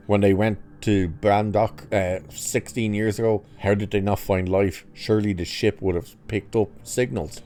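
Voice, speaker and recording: Low, dark-voiced sarcastic male reviewer. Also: fairly even intonation, moderate pace, hardly any pauses. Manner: sarcastic, mocking, profane. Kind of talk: casual episode recap and review.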